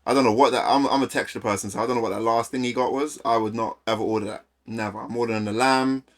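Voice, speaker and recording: A man from London with a London accent, casually chatting and reacting to a video on a live stream in a slangy, animated way. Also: mid-range voice, fast.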